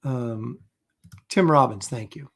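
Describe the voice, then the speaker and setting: A medium-pitched man speaks at a moderate pace with lively intonation. The middle-aged host of a live comic art stream, he chats casually and rambles with self-mockery, filling his speech with ums and restarts.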